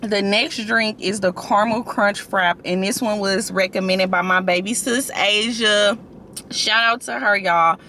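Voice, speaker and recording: A young woman vlogger from St. Louis, chatting casually and telling an animated story in her car. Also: medium pitch, a little slow, a little hiss or hum. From St. Louis, USA.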